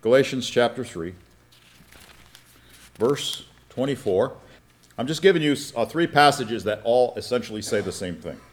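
A man's voice: medium pitch, lively intonation, normal speed, long pauses. A pastor preaching a teaching sermon, asking his congregation questions and checking that they follow with "all right?".

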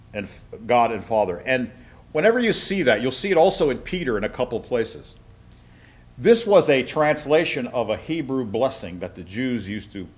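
Man teaching a Bible lesson. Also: medium pitch. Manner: explains step by step, checks in with listeners; reads scripture aloud with frequent asides.

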